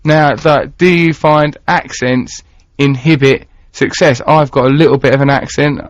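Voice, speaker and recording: A man's voice: medium pitch, fairly even intonation, unhurried, no echo. A man with an Essex accent hosting casual radio chat, playful and theatrical, sometimes slipping into put-on voices. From England. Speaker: radio host. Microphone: studio mic. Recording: dry, dull lo-fi radio broadcast.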